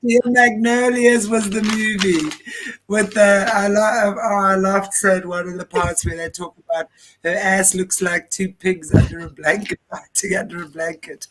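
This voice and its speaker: Woman co-host, mid-range voice, curious and quick to laugh, casual chat. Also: mid-range voice, steady tone, a bit bright, a little hiss or hum.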